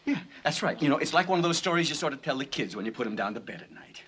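An actor playing a cocky gangster bootlegger in a 1960s film, talking in tough street slang. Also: male voice, fairly high pitch, big pitch swings, very fast, fairly bright tone, slight background noise. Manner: tough street slang, pleading then defiant.

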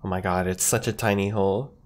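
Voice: low voice, fairly even intonation, quick pace. Giggly chatty game streamer. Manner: giggly, chatty, reads chat aloud. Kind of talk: casual let's-play commentary.

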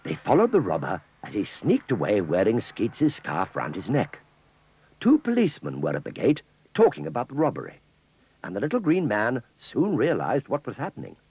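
A man narrating a children's cartoon story in an expressive storytelling manner. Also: medium pitch, moderate pace, creaky, slightly rough.

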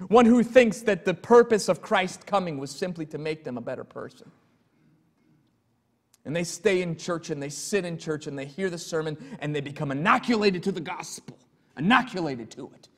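A male pastor preaching an earnest, emphatic sermon and telling stories to his congregation in a church sanctuary. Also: high-pitched. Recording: long church hall reverb.

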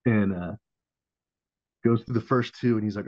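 Brief: man, 30s, low voice, animated swearing storyteller, dull lo-fi dry podcast sound. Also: normal speed, dry recording. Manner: profane, animated, acts out quoted voices, laughs often. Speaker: podcast guest, Marine veteran and former Navy corpsman. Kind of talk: casual storytelling.

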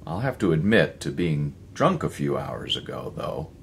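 A man's voice: rumbling low, very animated, moderate pace, creaky, a little hiss or hum, exaggerated voice. A male narrator voicing a younger druggist who falters and stammers and sounds unsure of himself. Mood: faltering.

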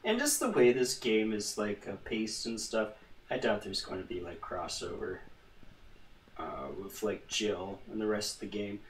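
A man's voice: on the low side, animated, unhurried, far from the mic, slight background noise. A man hosting a gaming channel, giving casual let's-play commentary in a rambling, joking, self-mocking way, recorded in a roomy space with his voice away from the microphone. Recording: roomy echo, voice away from the mic.

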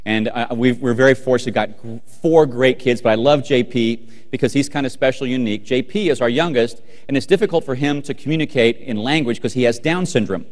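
A man's voice: mid-range voice, fairly quick, few pauses. A middle-aged man giving a humorous storytelling keynote to a live audience, acting out family scenes and talking directly to the crowd. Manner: animated, acts out family scenes, talks to the audience. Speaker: keynote speaker. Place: large hall with a live audience. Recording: long hall reverb.

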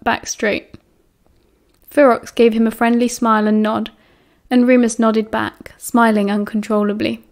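A British woman narrates a novel audiobook in a steady, even reading. Her voice sits a little higher than most women's and keeps an unhurried pace.

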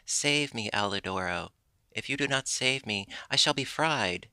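A man voicing a frightened, boastful wooden puppet boy who pleads and gets excited. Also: on the low side, moderate pace, no room sound, exaggerated voice. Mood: pleading.

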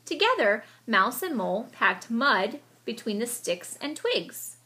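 A woman reads a children's picture book aloud at an unhurried pace. Her voice is bright and clear, and it swings up and down expressively as she tells the story. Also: a little high, big pitch swings.

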